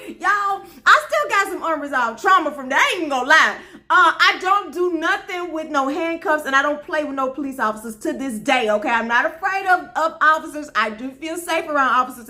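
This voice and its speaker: Woman from memphis spinning a funny story, high bright voice, chatty and lively. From Memphis, Tennessee. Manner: animated, talks straight to viewers with folksy asides. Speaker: storyteller host. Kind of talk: comedic personal storytelling.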